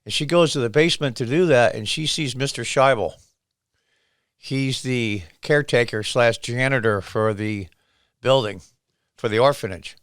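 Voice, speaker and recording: A man's voice: medium pitch, moderate pace, fairly bright tone, clear, resonant tone, no room sound, studio quality. A man hosting his own channel, casually retelling a series scene by scene with quoted lines. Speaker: show host.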